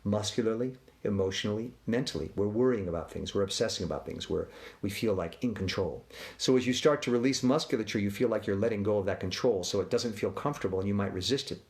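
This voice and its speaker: A man guiding a body relaxation exercise with slow countdowns, then talking loosely about tension and calm with some restarts. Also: fairly low pitch. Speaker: relaxation guide. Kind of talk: guided relaxation and talk.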